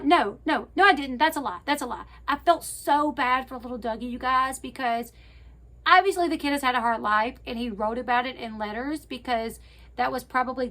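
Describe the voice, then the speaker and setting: A woman with a high-pitched voice retells a reality show to her viewers in a casual, chatty way. She talks straight to the audience, pads her sentences with fillers and corrects herself as she goes. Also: bright, forceful tone. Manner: chatty, addresses viewers directly; frequent fillers and self-corrections. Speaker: YouTube commentator.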